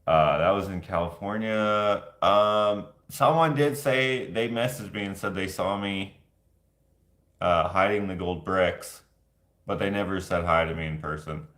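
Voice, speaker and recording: Low-voiced rambling vlogger man. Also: a little slow, fairly bright tone. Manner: rambling, jokey, laughs easily. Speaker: vlogger answering viewer questions. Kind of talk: casual chat. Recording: echoey room.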